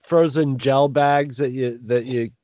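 A male podcast co-host with a mid-pitched voice, tossing in dry, joking asides. The sound is close and dry with no room echo, and the recording is dull and lo-fi. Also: fairly even intonation, a little slow, dark tone. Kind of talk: casual comedic chat.

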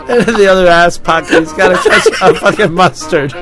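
A man's voice: high-pitched, fairly quick, music in the background. A man casually telling a drunken story on a podcast, swearing often, laughing and acting out what people said.

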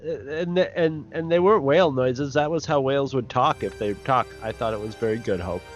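A man's voice: mid-range voice, normal speed, soft background music. A man co-hosting a podcast, chatting casually in a supportive, teasing way. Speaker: podcast co-host.

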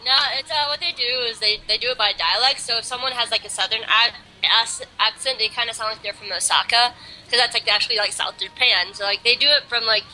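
A woman's voice: a little high, fast, sharp tone, slight background noise, poor audio. A young woman co-hosting a casual chat, rambling and giggly with lots of fillers. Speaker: podcast co-host.

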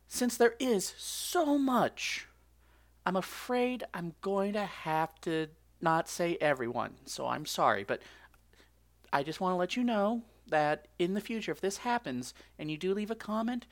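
A man hosting his own podcast alone, chatty and excitable, often laughing. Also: on the high side. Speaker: podcast host. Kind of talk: solo podcast chat.

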